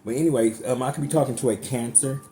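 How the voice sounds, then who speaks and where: Over music playing underneath, a man gives his viewers a casual tarot reading in a mellow, medium-pitched voice, talking fast. He's chatty and emphatic and swears freely.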